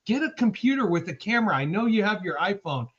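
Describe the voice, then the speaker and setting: A man's voice: high-pitched, sing-song, fast talker. A man co-hosting a sports podcast, reading out viewers' chat names one by one in a casual, upbeat way. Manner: upbeat, shouting out viewers by name. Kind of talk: casual live-stream chat. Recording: dull lo-fi stream audio.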